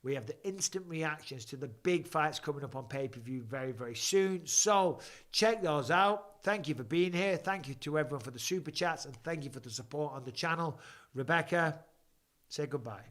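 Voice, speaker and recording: A man's voice: a little high, fairly quick, a bit bright. Profane, joking man hosting a stream. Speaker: host. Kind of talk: live-stream chat, watching fights.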